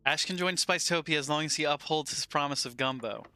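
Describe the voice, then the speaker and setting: A man's voice: on the high side, quick pace, pushed and bright, no room sound. A man with a Southern US accent streaming a game, reading chat aloud and bantering playfully.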